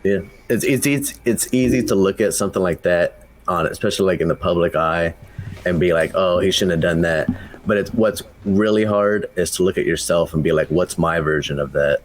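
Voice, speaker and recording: A man's voice: low voice, fairly quick, slight background noise. A man co-hosting a podcast, speaking bluntly and emphatically in casual chat. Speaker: podcast co-host.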